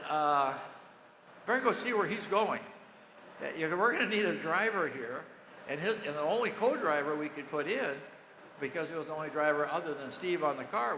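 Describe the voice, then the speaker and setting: An older man with a bright, forceful voice sitting a little high tells a racing story to a dinner crowd. He acts out each exchange with lively energy. His voice rings through an echoey banquet hall over a PA, with faint noise behind. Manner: animated storyteller who acts out the dialogue. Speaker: former race team manager.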